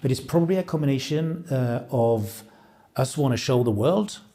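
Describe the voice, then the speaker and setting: A man's voice: medium pitch, moderate pace. Upbeat Norwegian-raised man being interviewed. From Norway. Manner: energetic, upbeat, with frequent fillers and restarts. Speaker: sovereign wealth fund CEO and podcast host. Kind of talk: casual interview conversation.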